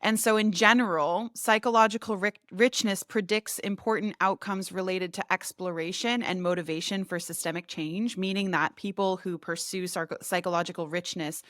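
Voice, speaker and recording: A woman's voice: fairly low pitch, steady tone, normal speed, few pauses, a bit bright, no room sound, studio quality. Reflective woman hosting a podcast. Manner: reflective, laughs often, reads quotes aloud. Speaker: podcast host. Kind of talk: casual podcast conversation.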